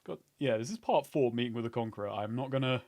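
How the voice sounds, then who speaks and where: A man's voice: mid-range voice, quick pace, darkish tone. A man playing a tabletop game, voicing his character with theatrical flair. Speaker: player.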